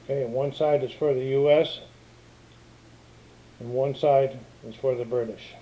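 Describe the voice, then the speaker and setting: A man's voice: mid-range voice, fairly even intonation, a little slow, highs cut off. An older man casually walking through a tabletop game setup, talking in a plainspoken, meandering way on camera at home. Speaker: board game demonstrator. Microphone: camera microphone.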